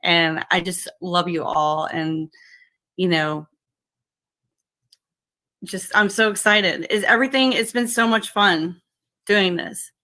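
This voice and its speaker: A woman with a light drawl chats slowly on a livestream, her bright, forward voice stopping and restarting around fillers. She keeps greeting viewers and saying how excited and thankful she is. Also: fairly low pitch. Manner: halting, many fillers and restarts. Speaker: livestream host.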